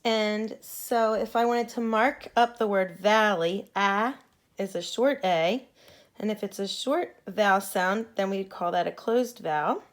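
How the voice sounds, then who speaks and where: A woman teacher leads a patient phonics lesson for young students, modeling sounds clearly so they can repeat them. Her voice is mid-range and unhurried.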